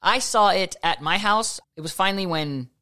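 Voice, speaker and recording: A man's voice: high-pitched, normal speed, pushed and bright, clear, resonant tone. Dude in his 30s cohosting a movie podcast, hyped and jokey, lots of slang. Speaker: podcast co-host. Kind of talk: casual chat.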